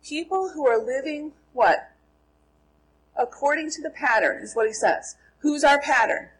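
A woman's voice: high voice, unhurried, low-quality recording. A middle-aged woman from Minnesota teaching a Bible class, asking her listeners questions and then answering them herself. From Minnesota, USA. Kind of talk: Bible lesson to a group.

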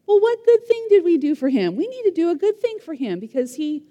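A woman voicing an eager, commanding king in a retold Bible story, in an animated, exclaiming way. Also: very high voice, a little fast, dull audio, voice pushed up. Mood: puzzled. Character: eager commanding Persian king, adult man. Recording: long hall reverb.

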